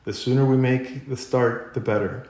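A man's voice: medium pitch, steady tone, normal speed, roomy sound, natural voice. A man voicing an indignant, practical male water rat who speaks firmly and sternly. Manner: firm, shouting.

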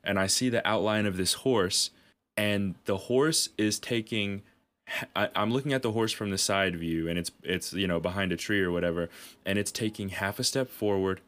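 A man with a fairly low voice tells long, rambling stories on a casual podcast. He swears freely and laughs at his own tales. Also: fairly bright tone. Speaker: podcast co-host. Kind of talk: casual storytelling chat.

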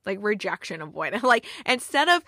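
A woman hosting a movie review show, recapping a plot in a casual, animated way, laughing often and saying "like" a lot. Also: medium pitch, fairly quick, dry recording, clean studio sound. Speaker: movie review podcast host.

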